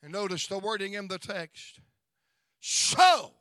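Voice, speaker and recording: A man's voice: very high-pitched, lively intonation, takes it slowly, sharp tone, no room sound, studio quality. A middle-aged man preaching a revival sermon in a church, building rhythmic repeated lines and calling out to the congregation. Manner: call-and-response preaching, chanting repetition.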